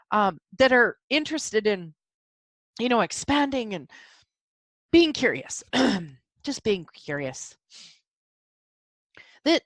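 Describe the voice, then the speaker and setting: A middle-aged woman hosts her own podcast in a solo, casual monologue, chatty and enthusiastic, rambling along with plenty of fillers. Her voice is medium-pitched, with no echo.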